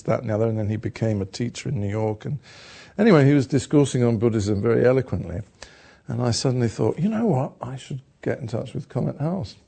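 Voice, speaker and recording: An older British man, an actor from England, telling rambling, self-deprecating stories in a relaxed conversation. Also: medium pitch, vocal fry. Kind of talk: conversational storytelling.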